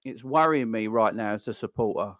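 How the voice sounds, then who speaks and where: A man's voice: fairly low pitch, brisk, fairly bright tone, no room sound. A young man hosting a live stream, ranting in an exasperated, repetitive way and swearing now and then. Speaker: fan channel host. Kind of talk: live-stream football rant.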